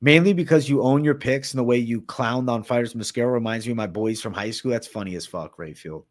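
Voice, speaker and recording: A fast-talking man with a medium-pitched, steady voice hosts a casual livestream. Born in Massachusetts and raised in Florida, he has a Boston accent, reads chat aloud and answers it, swearing freely and saying "bro" a lot.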